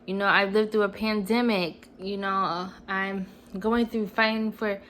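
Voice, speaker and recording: A woman's voice: medium pitch, flat delivery, unhurried, a bit bright, a little hiss or hum, poor audio. A woman in her twenties talking casually and earnestly to her camera at home, rambling with many "you know"s. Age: 20s. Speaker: vlogger. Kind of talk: casual personal vlog. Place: at home, TV on mute.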